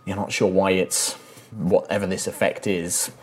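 Low-pitched male game master, relaxed hesitant delivery, faint background noise. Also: moderate pace. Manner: relaxed, hesitant narration with fillers. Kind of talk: narrating a tabletop game.

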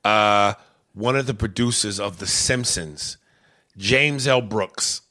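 A man co-hosting a podcast, chatting in an animated, opinionated way with some swearing. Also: lowish voice, slow pace. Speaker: podcast co-host. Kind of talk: casual chat.

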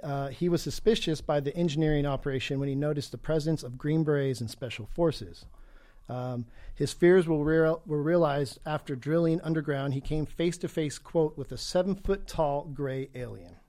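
A man's voice: a little high, normal speed, warm tone. A man co-hosting a casual chat, reading out a story in a conspiratorial, slightly hesitant way.

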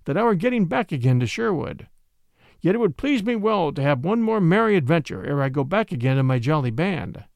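A merry young outlaw in beggar's rags, teasing and sly, his voice lifting and dipping with playful mischief, as a male narrator voices him. The tone sits a little high with a gravelly edge, recorded close and dry. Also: sing-song, a little fast, darkish tone, no room sound. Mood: musing.

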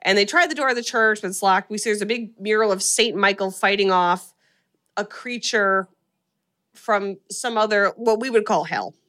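A young woman hosts a casual podcast and recaps a film's plot. She tells the story in a lively way and slips into the characters' voices as she goes. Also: medium pitch, normal speed. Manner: animated storytelling, acts out characters' lines. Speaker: podcast host. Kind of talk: casual chat recapping a film.

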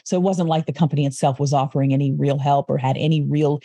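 A woman guest in a casual chat, telling her story in a halting, chatty way with frequent restarts. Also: deep voice, steady tone, warm tone, no echo, clean studio sound.

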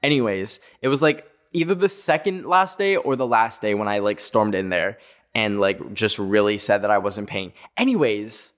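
A man's voice: lowish voice, normal speed. Young man rambling through a storytime. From Canada. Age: 20s. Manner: rambling, animated, full of filler "like". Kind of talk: casual storytime monologue.

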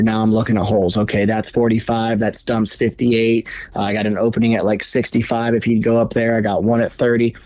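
A man of middle pitch retells a hunt as a podcast guest, swearing freely and piling on detail. He talks in an animated, casual way. The recording is dry and close, with no room sound. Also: no room sound. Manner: animated, profane, fast retelling. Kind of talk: casual storytelling.

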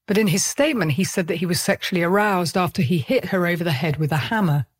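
A woman's voice: lowish voice, breathy edge. Grave woman narrating true crime. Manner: measured, grave, matter-of-fact. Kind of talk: scripted narration.

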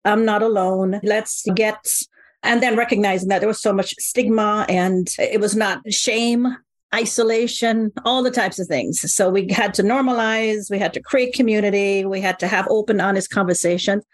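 A woman in her fifties speaks as a podcast guest. She tells her story with animated exclamations. Her voice sits in a middle pitch, recorded dry and close. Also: moderate pace, dry recording. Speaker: guest, co-founder. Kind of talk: conversational storytelling.

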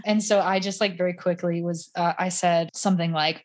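A woman in casual podcast chat, telling stories in a chatty, animated way with many fillers. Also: medium pitch, a little fast.

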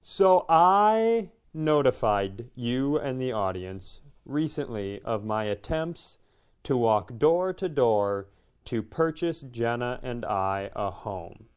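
A man co-hosts a casual podcast, spinning a meandering, self-mocking story. His voice is smooth and clear, pitched in an ordinary middle range. He drops in profanity with an easy, offhand delivery. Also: big pitch swings, slow pace. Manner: rambling, self-deprecating storyteller. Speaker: podcast co-host, comedian.

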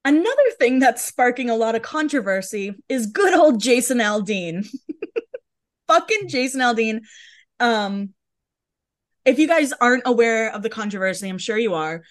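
A woman's voice: on the high side, animated, moderate pace. A woman co-hosting a podcast in casual chat, talking bluntly and heatedly and swearing freely. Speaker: podcast co-host.

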